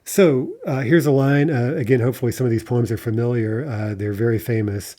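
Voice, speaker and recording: A man's voice: medium pitch, normal speed, hardly any pauses, warm tone. A man giving a video lesson, explaining at length with many fillers and frequent "right?" checks. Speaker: language teacher.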